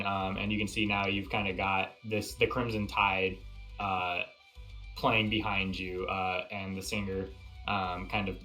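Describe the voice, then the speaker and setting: A man narrating a tabletop game as game master, halting and full of fillers. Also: fairly low pitch, bright, forceful tone.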